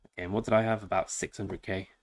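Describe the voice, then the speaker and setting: A man with a lowish voice, chatting loosely through a live game stream. He jokes around and talks straight to his viewers. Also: level tone, quick pace. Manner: chatty, joking, talks to chat. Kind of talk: casual live-stream chat.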